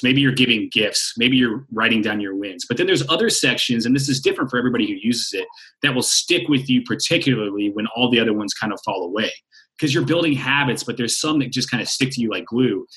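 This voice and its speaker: A man speaking as a podcast guest, animated and playful, with casual swearing. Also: medium pitch. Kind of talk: conversational interview.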